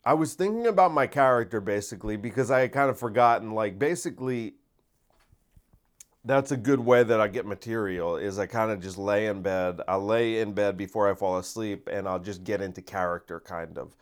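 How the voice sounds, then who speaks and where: Energetic man in a rambling podcast chat. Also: lowish voice, brisk. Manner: rambling and conversational, with deadpan put-on voices. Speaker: podcast host and comedian. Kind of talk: casual solo podcast monologue.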